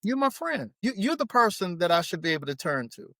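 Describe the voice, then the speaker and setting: Man, marriage coach, high voice, animated storytelling, dry sound. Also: a little fast, no echo. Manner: animated, acts out clients' lines in quotes. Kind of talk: podcast conversation.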